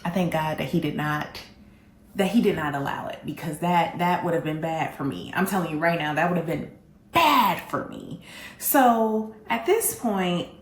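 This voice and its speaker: A woman hosting a candid storytelling vlog, telling her story in an animated, blunt way and speaking straight to her audience. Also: low voice, normal speed, roomy sound. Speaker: vlog host.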